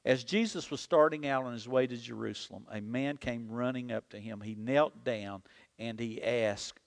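A gravelly, medium-pitched male voice preaches at a moderate pace. The pastor's sermon is animated, and he calls out a prayer for the congregation to repeat, with long hall reverb from the church sanctuary.

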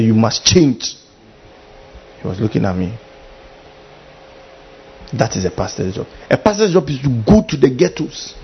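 A man preaching a sermon as pastor, animated and full of mimicry, with a husky voice. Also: high voice, dull audio.

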